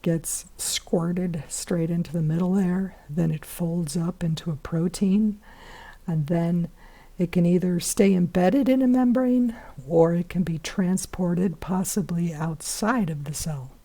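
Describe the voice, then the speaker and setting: A hoarse woman teaching biology in a chatty recorded lesson, with many fillers and whispery asides. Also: on the low side, measured pace, dark tone.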